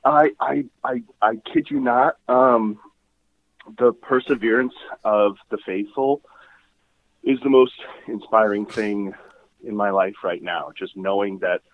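A man with an Irish accent, a priest chatting casually as a podcast guest, relaxed and slangy. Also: on the low side, a little slow. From Ireland. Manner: laid-back, slangy, reassuring. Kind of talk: casual chat. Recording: tinny phone-like line.

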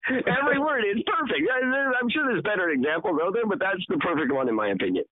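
A man's voice: high-pitched, sing-song, quick pace, no echo. Rambling podcast man, tinny lo-fi sound. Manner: loose and rambling, laughs often. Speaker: podcast co-host. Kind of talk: casual chat.

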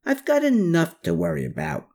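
A woman's voice: sits low, wildly swooping pitch, normal speed, darkish tone, husky, pitched above the performer's own voice, heavily acted. A narrator voicing a shrewd, watchful woman in an audiobook, guarded and probing. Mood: worried, secretive. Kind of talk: audiobook character voice.

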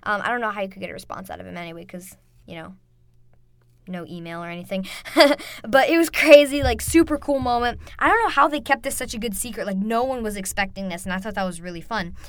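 A young woman hosting a casual podcast, gushing excitedly with frequent ums and restarts. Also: mid-range voice, fast talker, dry recording. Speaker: podcast host. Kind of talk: casual wrestling recap podcast.

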